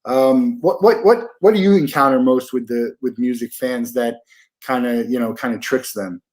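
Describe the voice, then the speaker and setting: Here the podcast host, a man in his forties, has a medium-pitched, darkish voice and talks at a moderate pace. The interview is casual chat, and his manner is relaxed and meandering, with fillers and words said twice.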